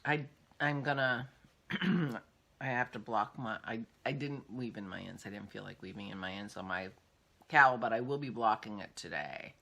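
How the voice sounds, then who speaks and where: A woman's voice: very deep voice, normal speed, vocal fry, sharp tone. An older woman hosting a casual vlog, chatting in a rambling way as she thinks aloud. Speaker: podcast host.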